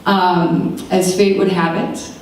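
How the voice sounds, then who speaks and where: A woman in her thirties gives a keynote in a large lecture room, her voice a touch low as she tells a personal story with animated asides and voices for the people in it. She is picked up from well back in the room, with heavy echo and a faint hiss underneath. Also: slow pace. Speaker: keynote speaker. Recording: very echoey hall, distant mic.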